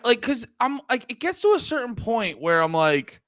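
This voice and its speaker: A man's voice: very high-pitched, normal speed, dry recording, studio quality. A man chatting casually about movies as a podcast co-host, rambling and acting out his reactions. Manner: animated, rambling, acts out what he thought.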